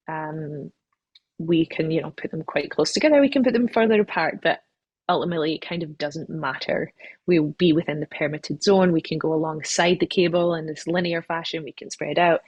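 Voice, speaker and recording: Husky woman chatting in an interview. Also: low-pitched, no echo, rough recording. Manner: chatty, self-deprecating, laughs often, restarts sentences. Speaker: company CEO, interview guest. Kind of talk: casual interview answers.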